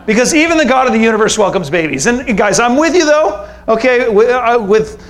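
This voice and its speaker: Guy pastor with a pretty high voice, chatty sermon, jokes about himself. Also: sing-song, a little fast. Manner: casual, conversational preaching with self-deprecating humor.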